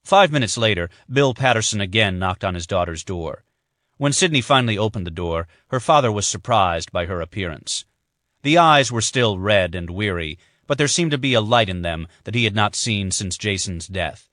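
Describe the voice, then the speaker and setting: Low-voiced male audiobook narrator. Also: lively intonation, moderate pace, fairly bright tone, dry recording, clean studio sound. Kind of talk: scripted narration.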